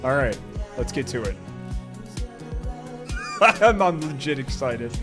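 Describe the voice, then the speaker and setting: A man from New York with a New York accent, excitedly commenting and swearing while streaming a game and reading chat aloud. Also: medium pitch, slow, music in the background. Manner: excitable, swears, reads lines aloud in put-on voices. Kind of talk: casual let's-play commentary.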